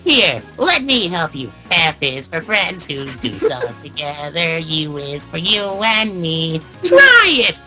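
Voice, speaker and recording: A man voicing a giddy, cheerful cartoon sea sponge in a squeaky, sing-song fan impression. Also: huge pitch swings, slow, few pauses, full character voice. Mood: encouraging. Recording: dull lo-fi stream audio with faint music.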